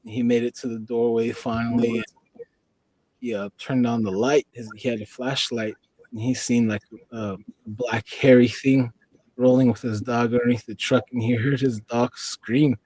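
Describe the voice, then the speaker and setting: A man's voice: medium pitch, flat delivery, normal speed, a little mellow, no echo, rough recording. A man from the Four Corners region of the US, a podcast guest telling a long story in a rambling way and leaning on "you know". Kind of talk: casual storytelling.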